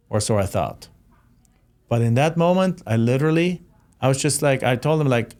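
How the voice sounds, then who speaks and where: A middle-aged man with a German accent hosts a reflective solo monologue. He speaks heartfelt and halting, often starting a phrase over before finishing it. His pitch sits in the ordinary middle range for a man. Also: animated, a little mellow. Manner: heartfelt, halting, many restarts. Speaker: host.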